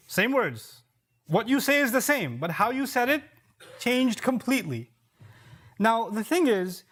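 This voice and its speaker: High-voiced man preaching a sermon. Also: fairly bright tone. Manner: explains Quranic verses, rhetorical questions, repeats key points; recites Arabic verses quickly. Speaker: preacher giving a Friday sermon.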